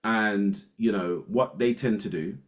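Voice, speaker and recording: Animated London man, lowish voice. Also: unhurried. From England. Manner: animated storyteller who acts out quoted snippets of dialogue. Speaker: guest educator. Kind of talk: casual podcast conversation.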